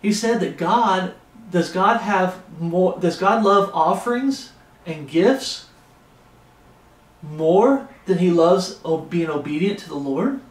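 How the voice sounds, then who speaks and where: A man's voice: high-pitched, expressive, slow pace. A man preaching an expository Bible sermon with passion, often raising his voice. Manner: impassioned, raises his voice. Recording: echoey room.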